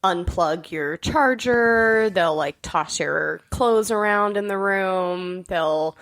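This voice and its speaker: A woman's voice: fairly low pitch, slow pace. A woman co-hosting a podcast, chatting casually, teasing and telling stories with laughs. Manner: laughing, teasing, animated storytelling. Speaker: podcast co-host. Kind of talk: casual chat.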